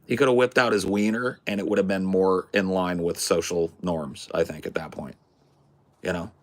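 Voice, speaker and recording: Lowish voiced dude telling a story, swearing a lot, super animated. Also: male voice, normal speed. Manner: animated, profane, swears freely. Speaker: podcast host. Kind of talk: casual storytelling.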